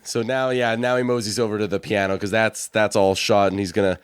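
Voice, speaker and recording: Low-voiced man recapping a movie. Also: steady tone, brisk, smooth, no echo. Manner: rambling, laughing plot retelling with fillers. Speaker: podcast co-host. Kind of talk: casual movie recap chat.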